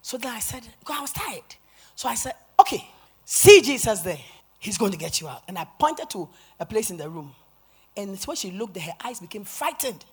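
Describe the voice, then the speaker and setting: A woman preaches in a church sanctuary, her voice breathy and a touch raspy. She tells her story with energy, acting out what people said and building to loud, forceful moments. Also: mid-range voice, brisk. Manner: animated storytelling, acting out quotes, rising to shouts. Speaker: pastor. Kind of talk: sermon.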